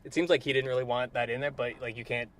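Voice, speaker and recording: A man's voice: medium pitch, fairly even intonation, a crowd in the background. A man co-hosting a podcast in casual chat, rambling and swearing as he talks about a film. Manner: quick, rambling, swears often. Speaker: podcast co-host.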